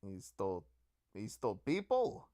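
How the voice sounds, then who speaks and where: A man's voice: lowish voice, huge pitch swings, measured pace, warm tone. A man voicing a laid-back, friendly adult man in a tabletop game, with an easygoing, drawling delivery.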